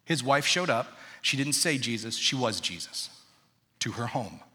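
In a large church auditorium, a pastor in his thirties preaches a sermon, speaking conversationally and quizzing his congregation. His mid-range voice is expressive and sharp in tone at a measured pace, and the hall sounds reverberant.

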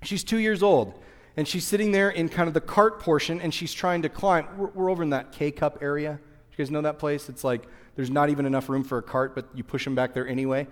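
A man's voice: a little high, fairly quick. A man in his thirties preaching a sermon, chatting and telling stories with asides to the congregation. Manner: conversational, animated storytelling with asides to the audience. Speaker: pastor. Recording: long hall reverb.

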